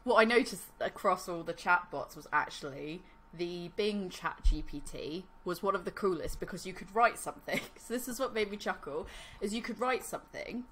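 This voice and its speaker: A woman's voice: lowish voice, animated, normal speed, few pauses, a bit bright, a little hiss or hum. A woman co-hosting a podcast, chatting casually and laughing, with lots of "like" fillers. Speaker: podcast co-host. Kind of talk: casual chat.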